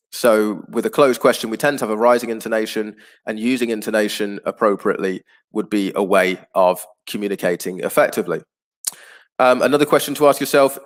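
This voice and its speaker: A man teaching an online class, explaining patiently and clearly, with frequent ums and uhs. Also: on the low side.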